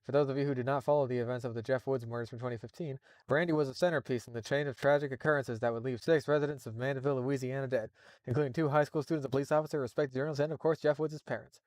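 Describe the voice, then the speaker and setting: A man's voice: medium pitch, fairly even intonation, rapid-fire, a little mellow, dry recording, studio quality. Exasperated man reading a story live. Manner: exasperated, profane asides. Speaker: streamer reading creepypasta.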